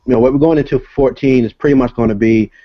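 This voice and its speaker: A man, a comic creator and guest, explaining casually over a video call, halting with many filler sounds. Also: mid-range voice, dry recording. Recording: dull lo-fi call audio.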